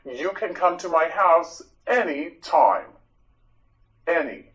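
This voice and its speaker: Male vocabulary teacher: patient, slow, encouraging, voice a little high and very lively. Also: low-quality recording. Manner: patient, encouraging, repeats each word slowly and clearly. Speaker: English teacher. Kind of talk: vocabulary drill lesson for learners.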